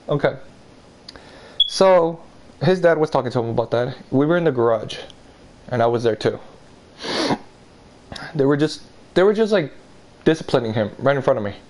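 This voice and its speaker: A young man telling a story casually, rambling and swearing, putting on a higher voice for quotes. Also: brisk, pauses often, a little mellow.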